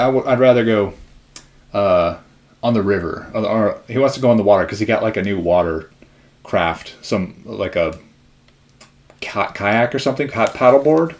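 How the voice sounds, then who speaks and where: A young man rambles through a casual vlog in a plain mid-range voice. He sounds a little winded and keeps wandering into side stories. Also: medium pitch. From Spokane area, US Pacific Northwest. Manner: rambling, self-interrupting, chatty. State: slightly out of breath. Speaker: vlogger.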